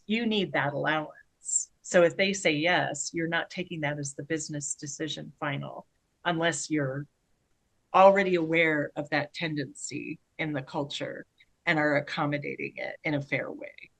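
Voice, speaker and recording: Woman, lower voice, casual podcast chat, rambling anecdotes, animated asides. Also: rough recording. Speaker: podcast co-host. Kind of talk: casual conversation.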